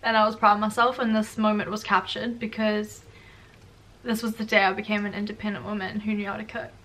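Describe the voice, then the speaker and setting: A woman's voice: mid-range voice, level tone, fairly quick, fairly bright tone, far from the mic. A young woman from South Africa with a South African accent, chatting casually and self-mockingly in a vlog, laughing often. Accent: South African English. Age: young adult. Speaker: vlogger.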